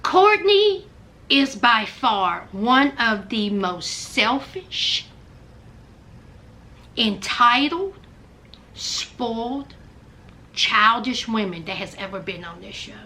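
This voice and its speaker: A woman's voice: fairly high pitch, big pitch swings, slow, pauses often, pushed and bright. A woman giving sassy, dramatic, scolding commentary on a reality show in a vlog.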